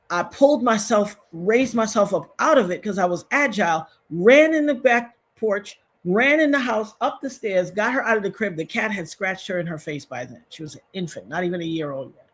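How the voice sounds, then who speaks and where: A woman's voice: mid-range voice, lively intonation, normal speed, husky. A woman in her fifties hosting a casual livestream, telling a personal story in an emotional, repetitive way and talking straight to her viewers. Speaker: livestream host.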